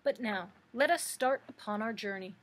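A woman's voice: mid-range voice, moderate pace, a bit bright, lightly acted. Woman doing a kind, anxious tin man. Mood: pleading. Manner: anxious and peacemaking.

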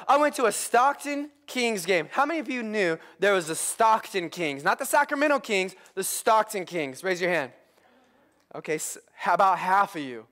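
A male pastor preaching a sermon, excitable and prone to shouting with enthusiasm. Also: sits high, moderate pace. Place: church.

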